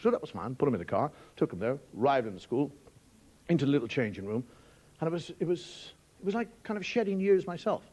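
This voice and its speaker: A man's voice: fairly high pitch, very animated, fast talker, a little mellow, slightly rough. A middle-aged man telling comic stories, wry and conversational and rising to indignant outbursts. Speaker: comedian. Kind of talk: stand-up storytelling monologue. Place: TV studio with a live audience. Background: faint audience laughter.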